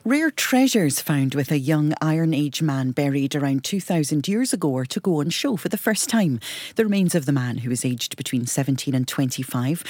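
A newsreader reading a scripted radio bulletin and weather forecast in a measured, formal way. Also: medium pitch, darkish tone, dry recording. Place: radio studio. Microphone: studio microphone.

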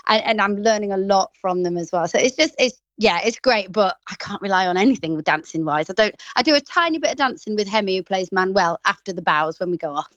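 A woman in her thirties with a Grimsby accent, chatting as an actress in an interview, quick and full of laughs. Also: mid-range voice, lively intonation, a bit bright, no echo, lo-fi sound. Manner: chatty, quick, laughs often, slips into quoted voices. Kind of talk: casual interview chat.

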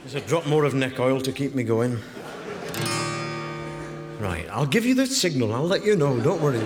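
A man's voice: medium pitch, sing-song, takes it slowly, pauses often, music in the background. A man, a folk singer, bantering with an audience and singing a comic song in bursts. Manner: jokey, chatty, sings in bursts. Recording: live concert recording in a hall.

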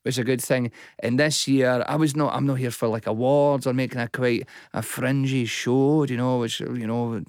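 A man's voice: mid-range voice, normal speed, few pauses, dry recording, studio quality. A man, a stand-up comedian, chatting in an interview and acting out the quotes in his stories. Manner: animated storyteller, acts out quotes. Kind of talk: casual interview chat.

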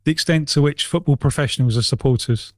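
A man's voice: mid-range voice, fast talker, dry recording. A jet-lagged, tired man giving careful opinions as a studio pundit on sports radio.

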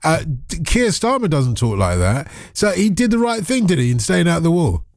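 A man's voice: on the high side, very animated, a little fast, dry recording, studio quality. A man hosting a radio phone-in, chatting casually and teasing his callers, often repeating himself.

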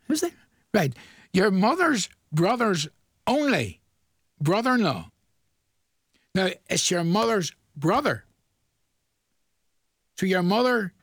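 A man's voice: high-pitched, expressive, a little slow, pauses often, a bit bright, husky, no room sound, studio quality. A man hosting a radio show, chatting and reading out dedications in a jokey way, laughing often. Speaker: radio host. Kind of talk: casual radio chat with dedications.

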